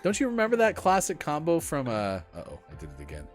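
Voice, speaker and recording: A man's voice: a little high, quick pace, faint music behind. A man hosting a casual morning gaming show, joking and reading out chat messages. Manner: joking, lively, reads chat aloud. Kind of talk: casual live-stream banter.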